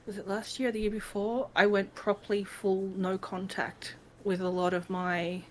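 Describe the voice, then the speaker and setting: A woman's voice: mid-range voice, little pitch movement, moderate pace, low-quality recording. A woman chatting casually as a guest on a live stream. She fills her sentences with trailing fillers and laughs easily, and a faint hiss sits behind her voice.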